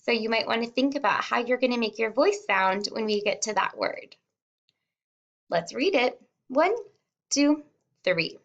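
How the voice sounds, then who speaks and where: A woman kindergarten teacher reading a simple storybook aloud word by word, sounding out and repeating words and gently encouraging young children to follow along. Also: a little high, expressive, measured pace, long pauses, highs cut off. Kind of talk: slow read-along lesson for young children.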